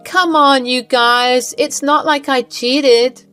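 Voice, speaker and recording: A woman's voice: high-pitched, fairly even intonation, slow pace, a bit bright, clean tone, faint music behind, voice pushed up. A woman voicing a young wife pleading theatrically in a storybook narration.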